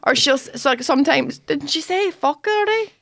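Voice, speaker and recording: High-voiced woman host. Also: animated, a little fast, fairly bright tone, dry recording. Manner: chatty, laughs often, acts out her daughter. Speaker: podcast host. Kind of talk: casual podcast chat.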